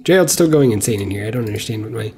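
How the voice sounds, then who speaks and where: A man's voice: on the low side, animated, racing, dark tone, breathy edge. A young man commenting on a horror game as he plays, joking and sarcastic while he rambles to himself. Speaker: gameplay commentator. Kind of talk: let's play commentary.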